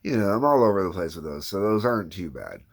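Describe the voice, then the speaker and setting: Deep-voiced man chatting loosely. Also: sing-song, fast. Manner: loose, meandering and unscripted. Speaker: creator and host of a brick-animation series. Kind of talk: casual behind-the-scenes chat.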